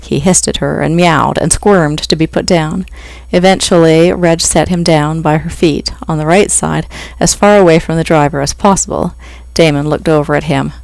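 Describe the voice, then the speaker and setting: Gravelly, dry-sounding author reading aloud. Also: mid-range voice, fairly even intonation, moderate pace, few pauses, no room sound. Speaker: author reading own book. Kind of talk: audiobook reading.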